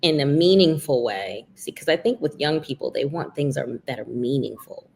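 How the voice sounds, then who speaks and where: A woman with a very deep speaking voice, answering questions as a guest author and minister. She thinks out loud, circling back with "you know" and "right" as she builds a point. Her talk is calm and conversational. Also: normal speed, gravelly, slight background noise. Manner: thoughtful, talks through ideas with many fillers. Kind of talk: reflective conversational interview.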